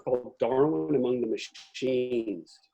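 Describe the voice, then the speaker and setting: An older man in casual conversation, telling animated stories and acting out the voices in them, with a husky voice. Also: medium pitch, measured pace, lo-fi sound. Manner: animated storyteller, acts out voices in anecdotes.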